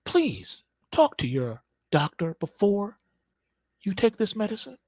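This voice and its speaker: A man voicing a calm, grandmotherly drug-ad narrator with a soft, even, reassuring read. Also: high-pitched, measured pace, no room sound, studio quality, full character voice.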